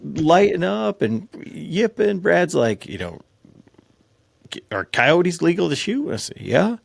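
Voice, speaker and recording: Gravelly man retelling camp stories. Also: fairly high pitch, slow, dry recording. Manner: animated, laughing retelling with many fillers. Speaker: podcast host. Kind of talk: casual storytelling chat.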